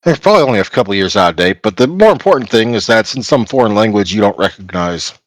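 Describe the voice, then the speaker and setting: A playful man narrating a tabletop game as game master, his pitch swinging lively up and down as he laughs between scenes. The sound is dry and close, with no room around it. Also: quick pace, dry recording.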